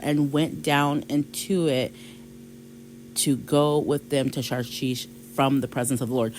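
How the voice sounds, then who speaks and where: A woman with a bass, slightly mellow voice is heard on a low-quality recording with slight background noise. She's hosting a devotional podcast and retells a scripture passage in a relaxed Bible study chat, with quoted voices and light laughs.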